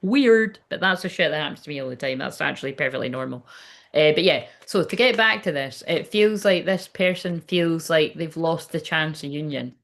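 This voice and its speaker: A woman's voice: low voice, moderate pace. A woman giving a casual livestreamed card reading, chatty and rambling, swearing freely. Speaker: tarot card reader.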